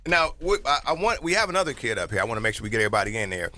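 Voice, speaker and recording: A man's voice: mid-range voice, sing-song, sharp tone, faint music behind. A man with a Southern Californian accent co-hosting a sports radio show in a studio, teasing and bantering in casual talk. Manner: playful, teasing, fast banter.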